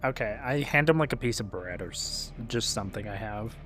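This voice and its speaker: A man's voice: on the low side, lively intonation, a little fast, fairly bright tone, a little hiss or hum. A man playing a tabletop game who hesitates and fills his speech with "um" and "like". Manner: hesitant, filler-laden, laughs easily. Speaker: player. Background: faint music.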